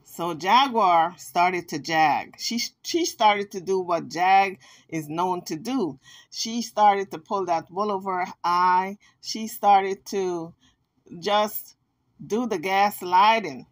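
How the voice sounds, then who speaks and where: A woman giving casual, sassy commentary, telling a story in an animated way and acting out the quotes. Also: medium pitch, slow.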